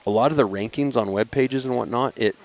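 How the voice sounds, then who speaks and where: A man in his forties, a company founder and podcast guest, chatting casually and telling animated hunting stories. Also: mid-range voice, a little fast. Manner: animated, acts out quoted voices when telling stories. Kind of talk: casual storytelling chat.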